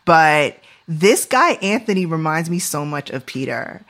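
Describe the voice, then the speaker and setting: A woman's voice: low-pitched, very animated, unhurried, fairly bright tone. A woman in her forties hosting a podcast in casual chat, talking loosely with lots of "like" and "you know". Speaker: podcast host.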